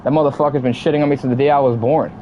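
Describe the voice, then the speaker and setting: A man's voice: mid-range voice, fairly even intonation, rapid-fire, warm tone, a little hiss or hum, low-quality recording. A young man in his twenties venting casually to his stream chat, heated and profane, repeating himself as he talks. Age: 20s. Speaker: livestream gamer.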